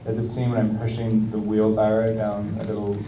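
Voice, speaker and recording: An English actor in casual stage talk at a film Q&A, hesitant, with many ums and frequent laughs. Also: male voice, on the low side, monotone, brisk, far from the mic. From England. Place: large screening hall with audience. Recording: echoey hall, mic from afar, noise.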